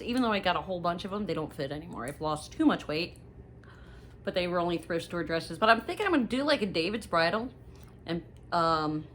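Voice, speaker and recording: A middle-aged woman chatting casually to viewers in a haul video, rambling and gossipy with lively asides. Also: medium pitch, slight background noise. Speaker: haul vlogger.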